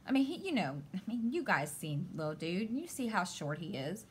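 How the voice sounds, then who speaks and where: A woman with a somewhat low voice talks casually, like a mother catching up friends while she stitches. She rambles and circles back, peppering her story with "I said" and "you know". A faint hiss sits under her voice. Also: sing-song, fairly quick.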